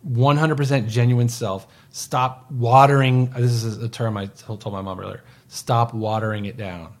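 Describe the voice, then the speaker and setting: A man in his forties co-hosting a podcast, talking in a rambling, casual way with lots of fillers and soft trailing endings. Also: medium pitch, fairly even intonation, moderate pace. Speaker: podcast co-host. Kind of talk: casual chat.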